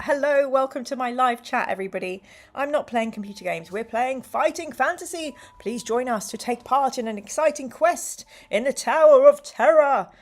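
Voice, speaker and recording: A woman hosting a live stream, reading a gamebook aloud to her chat in a playful, exclamatory way. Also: on the high side.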